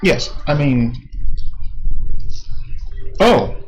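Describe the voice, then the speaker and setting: A man voicing a male commander who questions his men in a measured, authoritative way. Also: fairly high pitch, animated, slight background noise, low-quality recording. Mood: probing. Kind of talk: voicing a character in a tabletop game.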